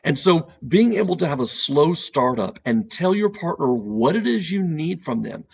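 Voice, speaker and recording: A man's voice: on the high side, very animated, moderate pace, gravelly, few pauses, slightly rough, highs cut off. A man speaking as a couples therapist on an educational podcast, earnest and repeating key points for emphasis.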